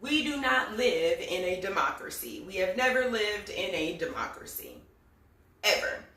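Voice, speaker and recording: A woman's voice: mid-range voice, lively intonation, normal speed, bright, forceful tone, recorded from a distance. A woman giving casual, profane commentary, sarcastic and repeating lines for emphasis. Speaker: political commentary vlogger. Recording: echoey room, voice somewhat off mic.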